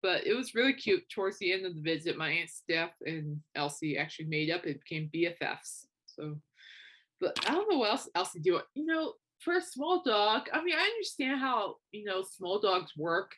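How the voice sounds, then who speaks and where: A young woman hosting a podcast, telling casual stories in a chatty way with animated quoted asides. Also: mid-range voice, moderate pace. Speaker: podcast host. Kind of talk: casual chat.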